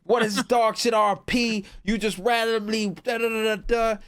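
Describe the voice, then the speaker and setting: Man's mocking take on a whiny, indignant gamer; squeaky and high. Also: fairly even intonation, brisk, close to an everyday voice. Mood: yelling mockingly. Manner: mocking high-pitched impression. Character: irate whiny male roleplayer yelling back.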